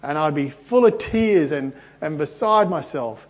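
A man teaching a Bible passage as a pastor, earnest and animated, his voice often lifting as he makes a point, his throat a little stuffy. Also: a little slow. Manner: earnest and animated, often rising in pitch and volume.

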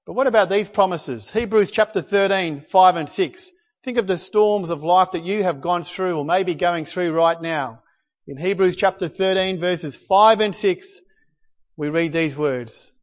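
Man preaching, high-pitched voice, animated delivery, long hall echo, dull lo-fi sound. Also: measured pace. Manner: animated, rising to near-shouts when quoting praise. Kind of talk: sermon.

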